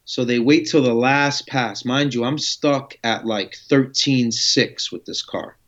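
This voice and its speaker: A man recounts his past in a relaxed interview, jumping into the voices of the people he talks about with lots of slang. His voice sits at a middle pitch. The audio is slightly muffled and lo-fi. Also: a little slow. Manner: animated, acts out dialogue with slang and swearing. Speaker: guest telling his story. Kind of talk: casual storytelling interview.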